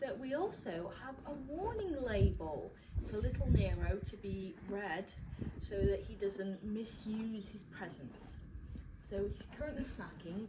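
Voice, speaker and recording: A woman's voice: mid-range voice, noisy background. A woman vlogging from her stable, talking fondly and teasingly to her horses and viewers. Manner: fond, teasing, mock-stern talk to horses. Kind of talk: casual vlog chat to horses and viewers.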